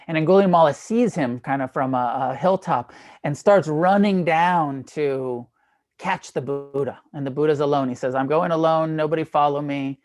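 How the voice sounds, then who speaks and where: A man's voice: on the high side, normal speed. Male meditation teacher retelling a story casually, irreverent, laughs often, swears freely. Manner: casual and irreverent, with profanity and fillers; animated retelling with frequent laughs. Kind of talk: dharma talk storytelling.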